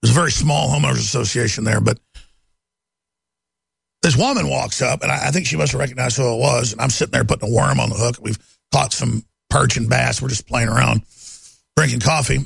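A man's voice: medium pitch, fairly quick, creaky, a bit bright, slightly rough, dry recording. A man hosting a talk show, delivering a heated political monologue in a contemptuous, ranting way with stammered repeats.

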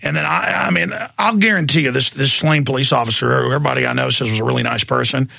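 A man's voice: medium pitch, fast talker, creaky, pushed and bright, dry recording, clean studio sound. A man, hosting a call-in talk radio show, ranting in a passionate monologue full of restarts. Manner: impassioned, ranting, repetitive restarts.

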